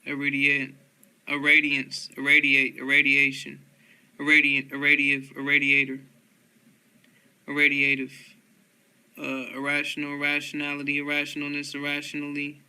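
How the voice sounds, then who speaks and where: Man reading word lists in a flat drone. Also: on the high side, moderate pace, clean tone. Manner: flat word-by-word listing with stumbles. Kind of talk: reading dictionary entries aloud.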